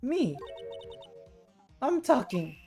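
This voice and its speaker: A woman voicing a shrill, indignant old woman guard in a courtroom game. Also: sing-song, drawn-out words, warm tone, soft background music, heavily acted. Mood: cranky. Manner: screechy and indignant.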